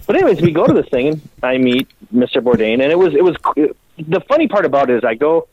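A man's voice: on the high side, fast, a little hiss or hum, low-quality recording. A man, a bike builder, telling a long story in a casual podcast interview, rambling and swearing as he acts out what people said. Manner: profane, rambling, animated storyteller who acts out quotes.

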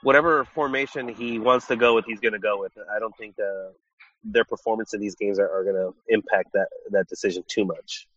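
A man co-hosting a casual football podcast while getting over a cold, talking with a slightly nasal, congested voice and a relaxed, joking manner. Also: lowish voice, brisk, dry recording, dull audio. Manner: relaxed, joking, many restarts. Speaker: podcast co-host. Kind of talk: casual chat.

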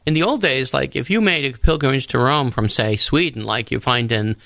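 Gravelly-voiced priest telling rambling stories. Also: male voice, medium pitch, fairly quick, fairly bright tone, dry recording. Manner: rambling storyteller, restarts often. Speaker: priest, guest on a radio talk show. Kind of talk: casual radio discussion. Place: radio studio.

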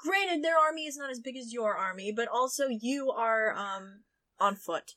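A woman co-hosts a casual chat in a bright, clear voice. She questions and pushes back readily, with frequent laughter. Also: fairly high pitch, lively intonation. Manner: quick to question and push back, laughs often. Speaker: podcast co-host.

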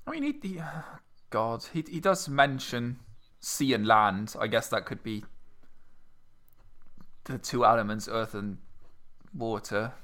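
A man's voice: mid-range voice, expressive, takes it slowly, pauses often, a bit bright. A man co-hosting a podcast, with dry, teasing remarks in a casual chat. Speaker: podcast co-host.

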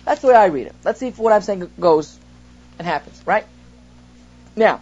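High-voiced rabbi teaching, dull recording. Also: male voice, lively intonation, moderate pace, long pauses, darkish tone. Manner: explains by example, poses rhetorical questions, reads Hebrew then translates. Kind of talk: text study lesson.

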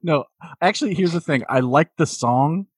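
Wry, husky-voiced man joking. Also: fairly high pitch, moderate pace, dry recording, studio quality. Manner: wry, deadpan jokes, laughs often. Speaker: podcast co-host. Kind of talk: casual comedic film review chat.

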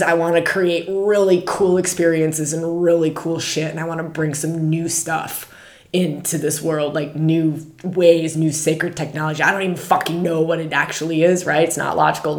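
A woman's voice: low-pitched, roomy sound. A woman hosting a spiritual podcast, talking candidly and casually, swearing freely, laughing often and asking many rhetorical questions. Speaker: podcast host and spiritual guide.

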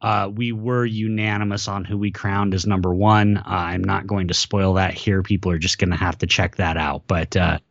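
A man talking as a podcast guest in casual chat, enthusiastic and quick in bursts. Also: sits low, flat delivery, gravelly, dry recording, dull audio.

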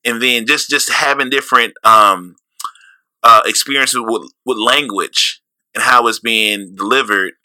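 A man's voice: medium pitch, fairly even intonation, measured pace, sharp tone, no echo. A man with a St. Louis accent co-hosting a podcast in casual chat, rambling loosely, laughing often and swearing freely. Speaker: podcast co-host.

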